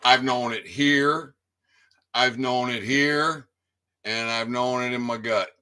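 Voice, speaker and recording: Slow-talking man in a rambling monologue. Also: mid-range voice, pushed and bright, clean tone. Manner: stammers and repeats words, swears freely. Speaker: independent online commentator.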